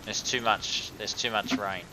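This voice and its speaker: A man narrating as game master of a tabletop game, with many pauses and fillers. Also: lowish voice, steady tone, background noise. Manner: hesitant, filler-heavy narration.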